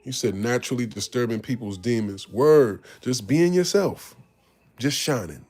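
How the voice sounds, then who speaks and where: A man's voice: mid-range voice, lively intonation, normal speed, a little mellow. A man, telling his life story in casual talk, candid and profane, acting out the voices of people he quotes. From Harlem, New York. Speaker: podcast host.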